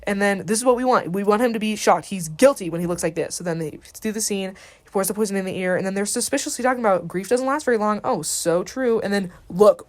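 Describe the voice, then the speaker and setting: A teenage girl giving a quick, slangy, casual retelling of a play for a school assignment, slipping briefly into the characters' voices. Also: medium pitch. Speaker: student.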